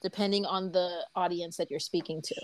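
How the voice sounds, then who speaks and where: A woman's voice: lowish voice, fairly even intonation, fairly quick, poor audio. A young woman with a Bronx accent, co-hosting a casual podcast from her home office, teasing and telling stories with mimicked voices. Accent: Bronx New York. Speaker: podcast co-host. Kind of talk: casual chat.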